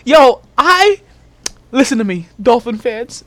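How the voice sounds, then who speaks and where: Animated trash-talking man, lively pitch. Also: slow, a crowd in the background. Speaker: podcast host. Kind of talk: casual sports chat.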